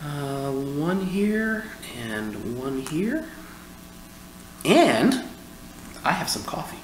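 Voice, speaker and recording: A man's voice: on the high side, sing-song, drawn-out words. A man with a Midwestern American accent co-hosting a casual board game playthrough, easygoing and thinking his moves through aloud. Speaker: co-host. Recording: echoey room, faint room noise.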